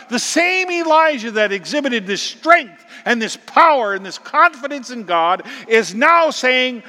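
A middle-aged man preaching a sermon as a pastor, dramatic, dropping to whispers and rising to loud exclamations. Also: very high voice, very animated, a little slow, hardly any pauses, big-room sound.

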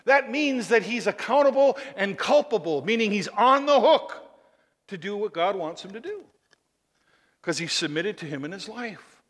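A man preaching a sermon, telling a story with lively energy and asking the congregation rhetorical tag questions. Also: sits high, normal speed, in a large hall.

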